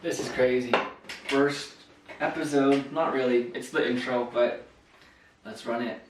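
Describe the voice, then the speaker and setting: A man's voice: medium pitch, fairly even intonation, a little slow, background noise. A young man hosting a solo podcast intro, nervous and rambling, reading from a letter and swearing casually. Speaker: podcast host.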